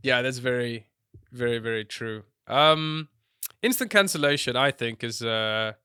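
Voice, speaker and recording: A man co-hosting a casual film podcast, hesitant with many fillers, his voice jumping high when he is amused. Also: animated, measured pace, pushed and bright, clean tone, no room sound, clean studio sound. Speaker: podcast co-host.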